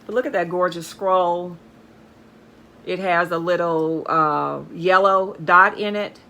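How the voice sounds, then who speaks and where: A woman's voice: fairly low pitch, steady tone, slow, sharp tone, muffled recording. A woman chatting enthusiastically as she shows off bargain finds, often calling out to her viewers. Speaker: haul vlogger. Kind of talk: casual show-and-tell chat.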